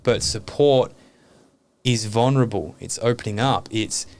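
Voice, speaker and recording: Low-voiced man sharing earnestly. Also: measured pace, a little mellow. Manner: earnest, open, swears casually. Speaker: podcast guest. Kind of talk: reflective podcast conversation.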